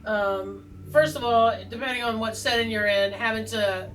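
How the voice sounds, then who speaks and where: A woman's voice: on the high side, steady tone, moderate pace, fairly bright tone, far from the mic, a little hiss or hum, poor audio. A woman hosting a tarot video, chatting in a rambling, joking, self-deprecating way with plenty of asides. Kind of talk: rambling casual chat. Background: faint background music.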